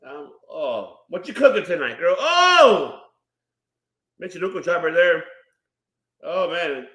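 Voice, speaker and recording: A man hosting a live wrestling watch-along stream, calling the action excitedly and bursting into loud reactions while greeting chat viewers. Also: high-pitched. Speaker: watch-party stream host. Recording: roomy echo.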